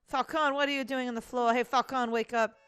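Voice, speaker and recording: Young sparrow lawyer guy, woman reading him, polite, earnest, bit high. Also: fairly even intonation, a little fast, a bit bright, clear, resonant tone, soft background music, lightly acted. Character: upbeat young male sparrow defense lawyer.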